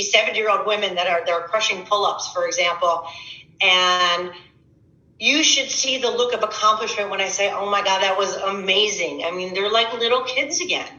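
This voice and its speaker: A woman's voice: medium pitch, sharp tone, reverberant, low-quality recording. A middle-aged woman fitness coach giving a casual motivational workshop talk, conversational and repetitive, often restarting her words.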